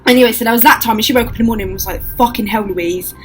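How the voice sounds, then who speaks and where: A woman's voice: a little high, rapid-fire, faint music behind, poor audio. A young woman telling ghost stories to camera in casual, swear-filled chat, acting out what people said. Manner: swears a lot, acts out quotes, animated.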